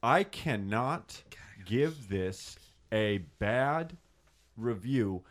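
A man co-hosting a casual podcast chat. He rants excitedly and keeps cutting in. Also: mid-range voice, extremely slow. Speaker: podcast co-host.

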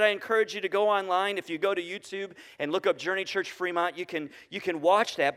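Male pastor, high voice, conversational sermon with questions to the room, hall reverb. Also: a bit bright. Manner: conversational, asks the congregation questions. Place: church sanctuary.

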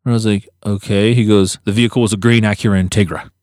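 A man spins a lengthy tale while co-hosting a podcast, voicing each quoted person with dramatic pitch leaps in an animated, casual chat. His delivery is fast, and the studio sound is clean with no room ambience.

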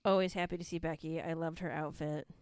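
A woman's voice: sits low, fairly even intonation, quick pace, a little mellow, clear, resonant tone, no echo, studio quality. A woman co-hosting a podcast, chatting casually and enthusiastically about wrestling with lots of fillers. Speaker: podcast co-host. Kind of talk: casual chat recapping wrestling.

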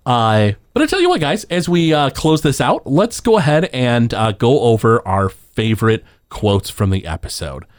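A man's voice: medium pitch, big pitch swings, normal speed, hardly any pauses. A man hosting a podcast in casual chat, upbeat with frequent fillers. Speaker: podcast host.

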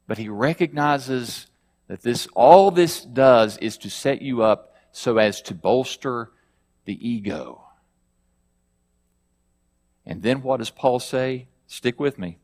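A man's voice: medium pitch, lively intonation, slow pace, pauses often, big-room sound. A male pastor preaching a sermon, reading scripture aloud with rising emphasis and asking his listeners questions.

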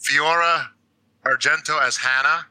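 Man with a very bright, sharp voice. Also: a little high, fairly even intonation, a little slow, dry recording, poor audio. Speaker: podcast co-host. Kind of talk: casual horror podcast chat.

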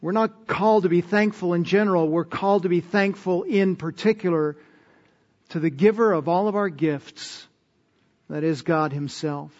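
A man's voice: high voice, moderate pace, in a large hall, muffled recording. A man preaching a sermon as pastor, earnest and emphatic, often putting questions to his listeners.

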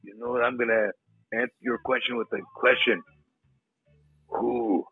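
A man's voice: mid-range voice, fairly even intonation, normal speed, faint music behind, close to an everyday voice. A man doing a quiz contestant with a fake accent. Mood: playful. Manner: gruff, laughing, swearing banter. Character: male quiz contestant with a put-on foreign accent. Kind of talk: improvised comedy sketch. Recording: dry tinny phone-like sound.

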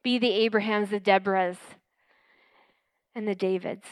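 Smooth-voiced woman preaching earnestly. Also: mid-range voice, normal speed, no room sound. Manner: earnest, animated storytelling. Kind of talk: sermon with personal testimony.

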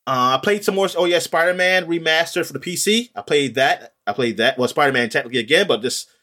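A man's voice: fairly high pitch, quick pace, bright, forceful tone. A man chatting casually in a podcast, rambling with many ums and restarts. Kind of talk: casual chat about video games.

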